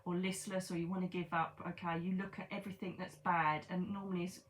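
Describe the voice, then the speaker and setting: Woman in her forties, lowish voice, chatty reassuring psychic monologue, faint noise behind. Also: flat delivery, fast. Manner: chatty, reassuring, repeats herself. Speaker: psychic medium. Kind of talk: tarot reading monologue.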